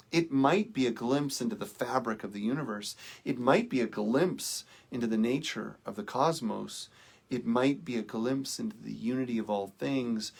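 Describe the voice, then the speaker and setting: A man giving a sermon as minister, speaking in a slow, measured, contemplative way with soft trailing phrases. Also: medium pitch, gravelly.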